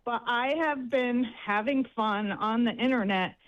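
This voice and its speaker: A woman's voice: on the high side, measured pace, lo-fi sound. A woman calling in to a radio show, chatty and giggly. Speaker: caller. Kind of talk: phone-in radio chat.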